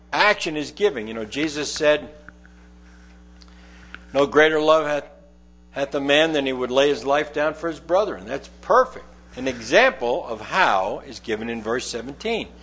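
A man's voice: mid-range voice, fairly bright tone, husky. A middle-aged man preaching a conversational sermon, reading scripture aloud and explaining it verse by verse. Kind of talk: sermon, Bible teaching.

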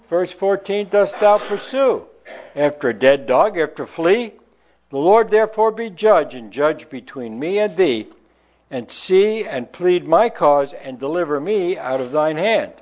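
Guy preaching a sermon, kinda high voice, asks lots of questions, dull lo-fi sound. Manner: emphatic rhetorical questions, reading old scripture aloud. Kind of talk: sermon with scripture reading.

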